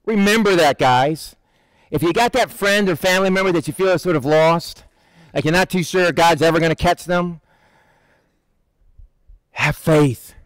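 A man preaching a casual, conversational sermon, animated, acting out the people in the story. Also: fairly high pitch, normal speed, long pauses, no room sound, rough recording. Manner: conversational, animated, acts out Bible figures in quotes.

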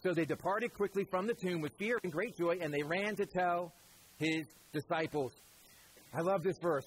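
A man preaching a sermon as pastor, animated and conversational, with a Southern American accent, sometimes dropping to quiet emphatic lines. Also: high voice, moderate pace, a little hiss or hum, low-quality recording.

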